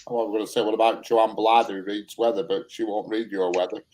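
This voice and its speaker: A man's voice: on the low side, fairly even intonation, fast talker, darkish tone, a little hiss or hum. Chatty man on a video call. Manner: chatty, laughing, swears freely. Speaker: live stream panel guest. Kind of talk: casual banter.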